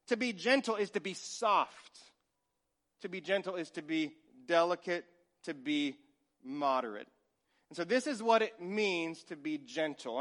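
A man in his forties preaching a sermon, telling lively stories and acting out little scenes, sometimes dropping to a whisper. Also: high voice. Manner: animated storytelling, acts out scenes, drops to a whisper. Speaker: pastor.

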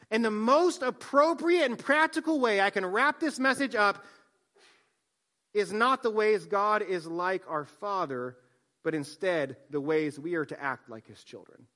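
Man, pastor, sermon, high voice, hushed endings, loud emphatic lines. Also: a little slow, pauses often.

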